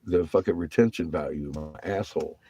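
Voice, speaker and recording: A man's voice: sits low, a little fast, dark tone. A man telling rambling, profane stories about his navy days in casual vlog talk, laughing often between lines.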